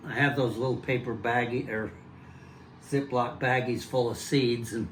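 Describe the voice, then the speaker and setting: Older man, home kitchen demo, middle pitch, plain explaining, faint background hum. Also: steady tone. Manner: plain, unhurried explaining, often restarts sentences. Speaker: home gardener showing pumpkin prep. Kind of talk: casual demonstration chat.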